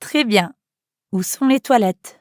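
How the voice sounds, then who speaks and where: A woman's voice: fairly high pitch, measured pace, dry recording, clean studio sound. A woman hosting an audio language lesson, narrating scenes and encouraging the listener in an upbeat, scripted way.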